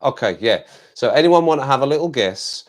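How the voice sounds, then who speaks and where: A man's voice: mid-range voice, lively intonation, brisk. An English man hosting a casual live stream, chatting to viewers in a rambling way, repeating phrases and laughing often.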